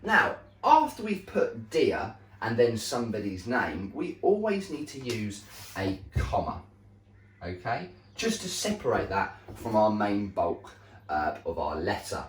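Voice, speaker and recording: A male primary school teacher giving a slow, deliberate recorded lesson to young children, often checking in with "okay?". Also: lowish voice, big pitch swings, a little hiss or hum. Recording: echoey room, voice a bit far from mic.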